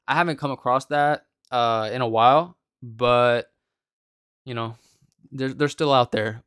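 A man's voice: medium pitch, fairly bright tone, clear, resonant tone, no echo, studio quality. A man giving casual, exasperated gameplay commentary on a card game, slangy and calling everyone bro.

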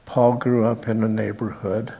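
An older man from Utah giving a halting family tribute at a memorial and reading scripture aloud. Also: on the low side, flat delivery, creaky, warm tone. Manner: halting, with frequent pauses and fillers. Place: church sanctuary. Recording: reverberant church hall.

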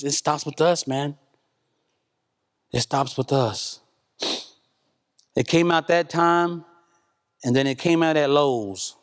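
A middle-aged man from Oklahoma preaching a sermon, telling stories in a casual, animated way that swings from loud to hushed. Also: fairly high pitch, big-room sound. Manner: animated, colloquial storytelling with shifts between loud and hushed. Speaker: pastor. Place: church sanctuary.

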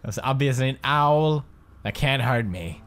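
A young man in his twenties giving jokey, swear-filled let's play commentary on a horror game, dropping to low mutters and jumping to frightened yelps. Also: expressive, moderate pace, a bit bright, faint music behind. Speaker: gaming commentator.

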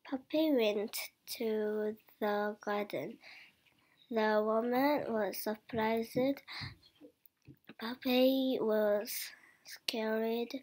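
Woman, English learner, reads her own story aloud; very slow, halting, slightly high voice, some words half-whispered. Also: darkish tone. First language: not English. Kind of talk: reading a short story aloud.

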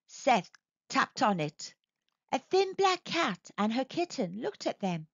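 Slow, sing-song woman reading to kids. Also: fairly high pitch, big pitch swings, gravelly, no echo, lo-fi sound. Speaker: children's story reader. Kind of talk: storybook read-aloud.

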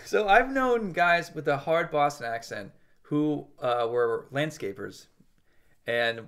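A man co-hosting a casual podcast, animated and quick to laugh. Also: fairly high pitch, smooth. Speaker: podcast co-host.

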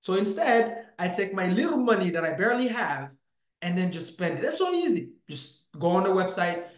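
A man coaching to camera in a punchy, emphatic way, with lots of "bam" and "boom". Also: sing-song, moderate pace, roomy sound, rough recording. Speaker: real estate coach. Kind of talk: motivational teaching to camera.

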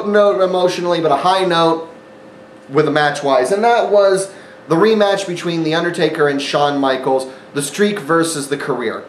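A man's voice: on the high side, reverberant, slight background noise, low-quality recording. A man hosting a casual wrestling review monologue, sarcastic and rambling, with frequent fillers. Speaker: wrestling event reviewer, channel host.

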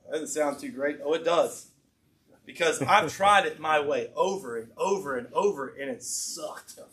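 A man preaching a sermon, telling scripture stories in a conversational, animated way with casual slang. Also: on the high side, normal speed, a little hiss or hum. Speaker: pastor.

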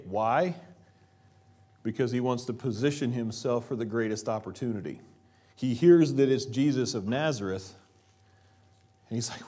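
A man of ordinary pitch preaches a church sermon. He leans on rhetorical questions, swings between louder stretches and hushed ones, and slows down to press a point home. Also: expressive. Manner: preaching with rhetorical questions, dropping to quiet emphasis. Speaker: pastor. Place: church sanctuary.

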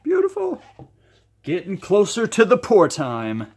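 Chatting to the camera about his acrylic pour, this host thinks out loud with enthusiasm as he mixes colors. He's very animated, a little slow, with a fairly low voice.

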